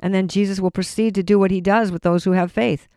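An earnest man teaches from scripture in a relaxed, talky sermon, circling back and restarting phrases as he goes. His voice is clear and smooth, pitched a little high, with a close, dry sound. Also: fast talker, no echo. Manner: earnest, conversational, frequent restarts. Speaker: preacher. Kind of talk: informal Bible teaching sermon.

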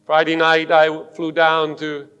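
A pastor making an urgent, pleading altar call during a sermon in a large church sanctuary. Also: male voice, on the high side, monotone, a little slow, a bit bright, smooth, highs cut off. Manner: pleading and urgent, rising to fervent force. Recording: long hall reverb of a church.

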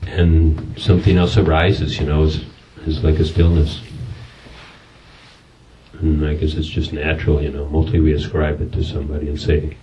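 A man with a very low voice talks slowly to a retreat group, his thoughts drifting in loose phrases. He is heard from far off on a muffled, lo-fi recording. Steady noise sits under the whole take. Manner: slow, musing, loosely phrased with many pauses. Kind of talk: reflective talk to a retreat group. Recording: distant, dull lo-fi recording with noise.

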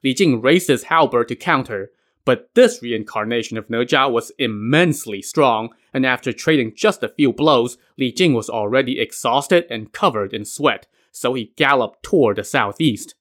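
A man's voice: mid-range voice, animated, normal speed, fairly bright tone. A man narrating a myth retelling in a casual way, with wry modern asides. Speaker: podcast narrator.

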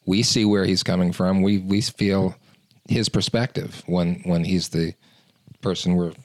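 Deep-voiced man in a dry room. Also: steady tone, measured pace, no room sound. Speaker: book club participant. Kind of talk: casual book discussion.

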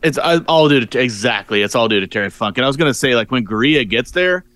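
A man's voice: medium pitch, animated, fast, fairly bright tone, dry recording. A man co-hosting a podcast, talking in a rambling, casual way full of fillers. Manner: rambling, filler-heavy reactions. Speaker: podcast co-host. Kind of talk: casual chat.

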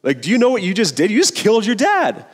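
A man's voice: high voice, huge pitch swings, quick pace, slightly rough, pitched above the performer's own voice, heavily acted. A young man voicing a scheming lion uncle in a retold cartoon scene, pressing and urgent, in a large echoing room. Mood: urgent menace. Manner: urgent, pressing, rising to loud.

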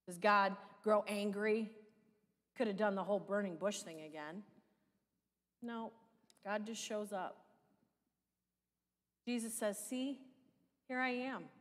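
A woman's voice: medium pitch, fairly even intonation, takes it slowly, pauses often. A woman pastor with a Midwestern American accent, preaching a sermon in a conversational style full of rhetorical questions. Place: church sanctuary. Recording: long church reverb.

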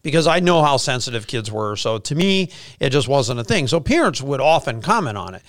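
A middle-aged man, a pastor hosting a casual faith podcast and telling stories in an energetic, chatty way. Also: mid-range voice, fairly quick, few pauses, no room sound, clean studio sound.

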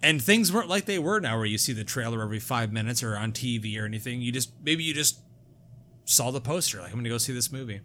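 A man hosting a podcast in casual chat, excitable, jokey and full of swearing. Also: medium pitch, quick pace, a little hiss or hum. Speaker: podcast host.

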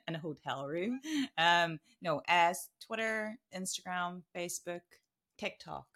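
A woman's voice: lowish voice, unhurried, fairly bright tone. A woman co-hosting a podcast in casual, playful banter, giggling often. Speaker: podcast co-host.

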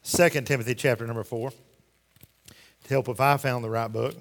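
A man's voice: mid-range voice, steady tone, a little fast. A man preaching a sermon in a church, folksy and emphatic, firing rhetorical questions at the congregation. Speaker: pastor. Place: church sanctuary. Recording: long hall reverb.

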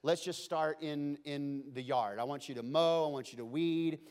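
A casual, chummy rich boss with a fairly high voice, as a preacher puts him on. He talks easily, like a friend handing out jobs. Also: normal speed, darkish tone, big-room sound, lightly acted. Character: rich easygoing male boss.

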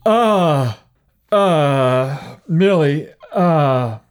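A man's voice: on the high side, lively intonation, extremely slow, clear, resonant tone, full character voice. A man voicing a flustered young woman runner who hesitates and keeps asking questions.

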